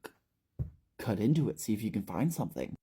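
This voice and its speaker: A man voicing a manipulative teenage boy who talks in a soft, coaxing, falsely caring way, in a storytelling recap. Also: fairly low pitch, sing-song, fairly quick, slight background noise.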